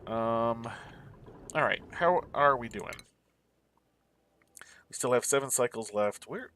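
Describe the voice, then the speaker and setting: A man in a mid-pitched voice talks through a video game at an easy, rambling clip, half-mumbling to himself as he hunts around the map. A faint hiss sits under the recording. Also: lively intonation, slow, a bit bright. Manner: mumbling to himself, musing and searching. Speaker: gameplay commentator. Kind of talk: casual let's play commentary.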